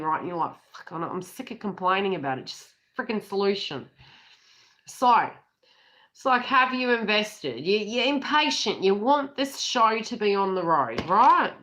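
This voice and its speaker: Birds can be heard behind a middle-aged Australian psychic as she does a laid-back tarot reading, giggly, talkative, and cursing without restraint. She speaks in a mid-range voice that sounds pushed and bright.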